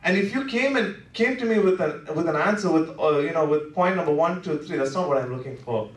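A man preaching a Good Friday sermon in a church, talking conversationally with lots of "you know" fillers, dropping to soft, low asides and then rising with passion. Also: a little fast. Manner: swings between soft, low asides and impassioned rises. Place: church worship center. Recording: echoey sanctuary heard from a distance.

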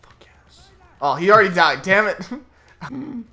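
A young woman casually chatting and joking while playing a shooter game, excitable and quick to laugh. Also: mid-range voice, vocal fry. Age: young adult. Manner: excitable, lively, laughing, swearing. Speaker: gameplay commentator. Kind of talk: casual gaming chat.

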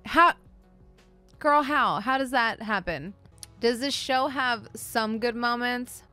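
A woman's voice: on the high side, slow pace, pushed and bright, soft background music. A woman hosting a comic book show, giving a blunt, sarcastic and profane casual review.

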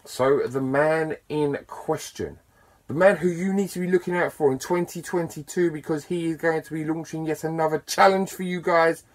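A man talking casually to camera as a YouTuber, chatty and enthusiastic, with bursts of excitement and self-deprecating asides. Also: a little high, moderate pace. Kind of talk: casual to-camera vlog talk.

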